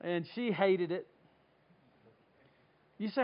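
A man from North Carolina, preaching a sermon and telling stories with lively acted-out voices. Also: high voice, a little slow, lo-fi sound. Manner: animated storytelling, acts out voices. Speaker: pastor.

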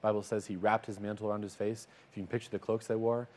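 A man's voice: fairly low pitch, level tone, fast talker, a little mellow. A man telling a Bible story in a casual, conversational way, slipping into little acted-out voices for the characters. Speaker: Bible teacher.

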